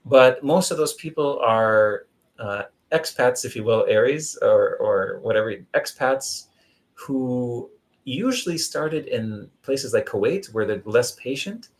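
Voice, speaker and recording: A man's voice: medium pitch, expressive, takes it slowly, low-quality recording. A man chatting casually on a live vlog stream, rambling through stories and answering viewers by name. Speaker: vlogger doing a live stream. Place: Zamboanga City.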